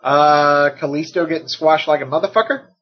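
A man co-hosting a loose chat, his voice husky and a touch high. He trips over repeated words and slips into dry sarcasm, all on slightly muffled audio. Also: moderate pace. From United States. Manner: stammering restarts, sarcastic. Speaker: podcast co-host. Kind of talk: casual wrestling chat.

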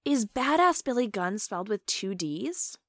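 A woman's voice: mid-range voice, sing-song, measured pace, a bit bright, dry recording, studio quality. A young adult woman co-hosting a casual chat show, talking in a wry, chatty way with lots of asides. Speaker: podcast co-host. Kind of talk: casual chat reviewing wrestling.

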